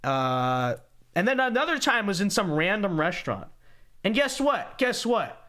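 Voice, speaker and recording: His voice sits high and sing-song, unhurried, with a sharp tone. As a young podcast host on a casual livestream, he reads viewers' super chats with sarcastic, joking asides and recurring catchphrases, tired but talkative.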